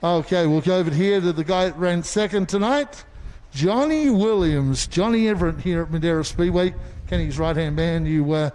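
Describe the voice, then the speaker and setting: A man's voice: a little high, moderate pace, darkish tone, long reverb tail. A man working as a trackside reporter, interviewing drivers after a race in an enthusiastic, exclaiming way.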